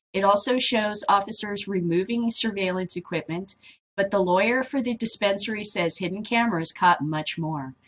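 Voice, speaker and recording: A middle-aged woman hosting a casual vlog, reading news and commenting on it in a blunt, rambling way that drifts off topic. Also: medium pitch. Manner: rambling, easily sidetracked, blunt and swearing.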